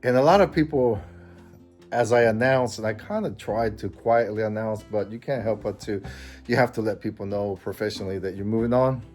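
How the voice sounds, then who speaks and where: A man's voice: lowish voice, a little fast, a little mellow, soft background music. A man in his fifties from Mexico, chatting casually in a personal vlog, rambling and chuckling at himself. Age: 50s. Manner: rambling, chuckling, self-deprecating. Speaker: vlogger.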